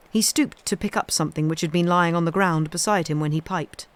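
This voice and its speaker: A woman reading a classic children's novel aloud in a steady storytelling voice. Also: lowish voice, a little fast, few pauses. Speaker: reader.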